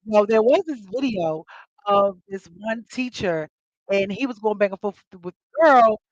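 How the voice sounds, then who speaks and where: Woman host, casual chat, animated storyteller who acts out quotes; dry, slightly dull lo-fi mic. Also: moderate pace, dry recording. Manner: animated storytelling, acting out quotes with big pitch jumps. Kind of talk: casual chat to a live audience.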